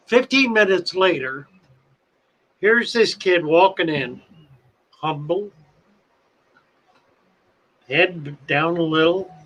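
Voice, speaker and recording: Slow, bright-voiced male storyteller. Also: a little high, poor audio. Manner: drawn-out, dramatic storytelling. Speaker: pet shop owner and livestream host. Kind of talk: storytelling on a livestream.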